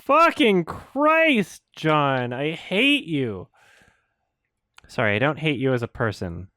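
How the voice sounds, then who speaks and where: A man's voice: sing-song, slow, a bit bright, no room sound. A man reviewing a film while he edits, ranting in frustration and laughing in disbelief. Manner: frustrated, laughing, pitch jumps up when outraged. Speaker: video reviewer. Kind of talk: exasperated ranting while editing.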